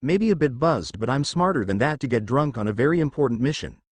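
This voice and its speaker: A man's voice: mid-range voice, animated, a little fast, no room sound, lightly acted. A man voicing a bold, hard-drinking young ninja woman in a read-aloud story. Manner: cocky, brash.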